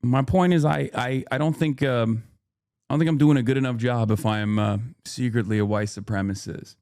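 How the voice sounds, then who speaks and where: A man hosting a live stream talks straight to his chat in a loose, unscripted way. He moves between joking pushback and earnest explaining, often restarting sentences as he works out his point. His voice sits at an ordinary middle pitch, recorded close and dry. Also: steady tone, a little fast, darkish tone, no echo. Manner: frequent restarts and filler while thinking aloud. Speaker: livestream host. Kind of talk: casual live-stream commentary.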